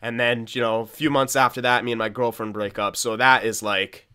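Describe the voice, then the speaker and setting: Young male gaming host, bright voice, frank and rambling, self-mocking laugh. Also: mid-range voice, flat delivery, a little fast, clean tone. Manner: candid, rambling, swears often, laughs at himself. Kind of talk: casual gameplay commentary.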